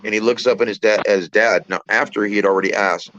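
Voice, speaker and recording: A man telling a personal story in a casual, halting way, repeating words and using many fillers. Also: lowish voice, steady tone, dull audio, noisy background. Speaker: trucker channel host.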